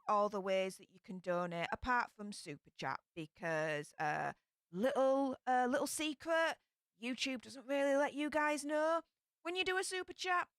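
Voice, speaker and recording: A woman's voice: fairly high pitch, a bit bright, no echo, clean studio sound. A young woman with a Yorkshire accent chatting casually on a live stream, greeting viewers by name. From England.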